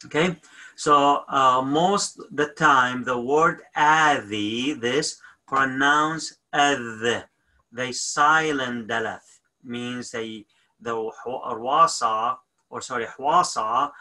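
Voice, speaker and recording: A man teaching a grammar lesson, explaining step by step with frequent pauses, fillers and self-corrections, often checking in with "okay?". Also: fairly high pitch, bright, forceful tone, rough recording. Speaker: language teacher. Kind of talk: recorded online grammar lesson.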